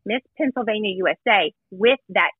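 Her medium-pitched voice is expressive and a bit breathy, moving fairly quickly in a dry recording over tinny phone-line audio. As a guest in a casual gossip chat, she tells a story emphatically and chattily, stressing her points with "let me tell you."

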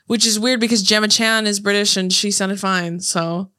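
Bright-voiced chatty woman. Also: medium pitch, fairly even intonation. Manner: chatty, quick, laughing asides. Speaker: podcast co-host. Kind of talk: casual chat.

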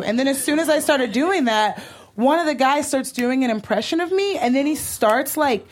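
Woman, high-pitched, animated storyteller, swears freely, comedy podcast co-host. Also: a little fast, hardly any pauses. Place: stage before a live audience.

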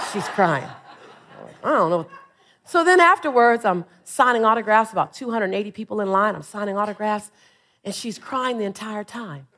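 A woman's voice: medium pitch, moderate pace. A woman in her forties giving a live motivational stage speech, telling funny stories and rousing the crowd with call-and-response. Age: 40s. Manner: animated, humorous storytelling, rousing exhortations. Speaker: motivational speaker.

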